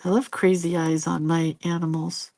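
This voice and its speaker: A chatty woman in her sixties talks casually while she paints on a live stream, laughing often and hopping from one story to the next. Her voice sits a little low. The sound is close and dry, with no room echo. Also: flat delivery, normal speed, mellow. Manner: chatty, laughs often, jumps between stories and viewer comments. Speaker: host of a live drawing stream.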